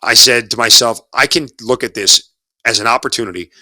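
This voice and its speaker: In a dry studio recording with no echo, a man in his forties who is an army officer and broadcaster tells his story during an interview. His medium-pitched voice moves a little fast with a sharp edge. He's earnest and talkative, often repeating words while he hunts for the right one.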